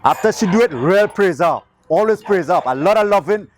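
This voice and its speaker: A man's voice: sits high, lively intonation, a little fast, over music. A man teaching dog obedience, snapping short commands and then explaining patiently. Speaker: dog trainer. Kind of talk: hands-on obedience instruction.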